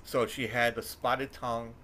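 A middle-aged man hosting a podcast, telling an animated story in casual chat, swearing and acting out quotes in a raised voice. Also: medium pitch, normal speed, a little hiss or hum. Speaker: podcast host.

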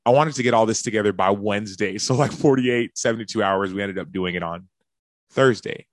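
Man, lower register, podcast storyteller who acts out the dialogue, close and dry sound. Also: a little fast, no echo. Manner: animated storyteller who acts out quoted phone calls in a raised voice. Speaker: podcast speaker telling a story. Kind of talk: storytelling monologue.

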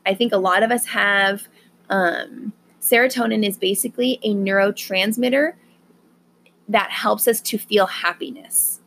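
A woman hosting a podcast, talking casually and gently with frequent fillers, then guiding a calm meditation. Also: mid-range voice. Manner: slow, gentle, soothing delivery with fillers. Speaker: podcast host.

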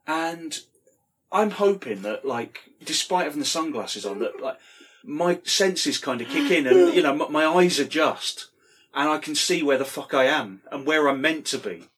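A man's voice: on the high side, expressive, unhurried, fairly bright tone, husky. A middle-aged man telling a rambling anecdote, casually swearing and full of fillers. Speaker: storyteller.

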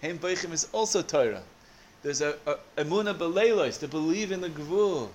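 Guy giving a torah class, kinda high voice, lots of restarts, a little hiss in the background. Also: moderate pace. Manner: animated, searching for words with many restarts. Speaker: Torah teacher.

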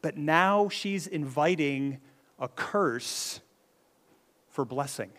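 A man's voice: fairly high pitch, lively intonation, very slow, fairly bright tone. A man preaching a sermon in a conversational way, often checking in with the listeners and restarting his phrases. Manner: conversational, keeps adding "right?", frequent restarts.

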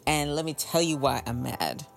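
A woman with a notably low voice hosts her own podcast, chatting straight to her listeners. Her delivery is animated and expressive, jumping from relaxed asides to emphatic outbursts. Faint music sits behind her. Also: normal speed, creaky. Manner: animated and expressive, swinging between calm asides and exclaimed outbursts; chatty and conversational, addressing listeners directly. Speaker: podcast host. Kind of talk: casual solo podcast monologue. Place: home recording space in Brooklyn.

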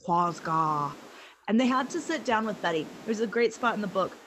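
A woman's voice: fairly high pitch, expressive, quick pace, a little hiss or hum. A woman co-hosting a casual podcast, retelling a story with lots of fillers and acted-out quotes. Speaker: podcast co-host.

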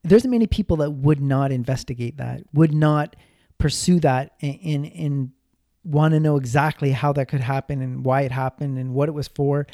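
Gravelly man rambling through money advice. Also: on the high side, moderate pace, mellow, dry recording, studio quality. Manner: rambling, many restarts and repeated words. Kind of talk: casual conversational advice.

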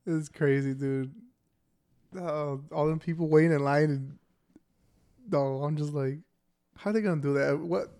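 Brief: relaxed young-sounding man, slangy casual chat, slightly high voice. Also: measured pace, pauses often. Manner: laid-back, laughing, slangy.

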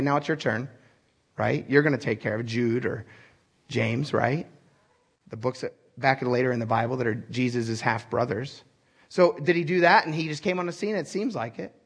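A male pastor delivers an animated, conversational sermon, often turning to the congregation with direct questions. His voice sits fairly high and carries a husky, breathy texture.

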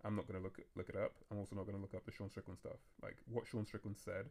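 A man hosting a casual podcast chat, talking in a fast, rambling way that keeps restarting itself. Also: lowish voice, level tone, vocal fry, a little mellow. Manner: fast, rambling, self-interrupting talk. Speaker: podcast host.

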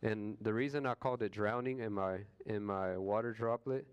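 A man with a smooth, low voice leads a relaxed Bible study. He retells scripture in casual street language and now and then slips into playful quoted voices. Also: moderate pace, lo-fi sound. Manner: conversational, retells scripture in slangy everyday words; acts out quoted voices with jokes.

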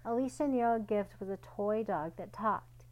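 A woman reads a children's picture book aloud at a middle pitch. Her delivery is gentle and storytelling, and she gives each character a light voice of its own. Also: normal speed, rough recording. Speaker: storybook reader.

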